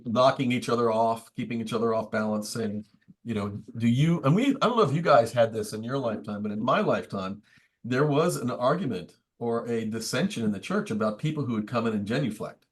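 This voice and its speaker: A man, a priest, teaching a book study group in a conversational, thoughtful way with wry asides. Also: medium pitch. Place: church meeting room.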